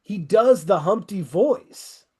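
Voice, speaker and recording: A man's voice: sits high, expressive, slow pace, mellow, slightly rough. A middle-aged man hosting a podcast, chatting casually and eagerly recommending music to his guests. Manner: enthusiastic, rambling recommendations. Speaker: podcast host. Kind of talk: casual interview chat.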